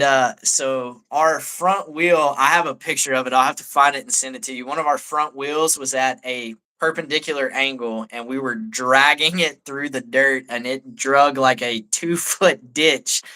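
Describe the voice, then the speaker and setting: A laid-back army staff sergeant shares a story as a guest on a live talk show, sprinkling in lots of "like." His voice is medium in pitch, sharp and clean.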